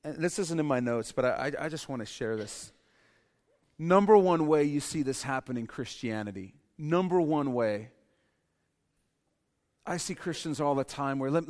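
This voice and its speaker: Male pastor, animated sermon, acts out quotes, reverberant hall. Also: fairly high pitch. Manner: animated preaching, acts out quoted voices, repeats key lines. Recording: echoey hall with long reverb.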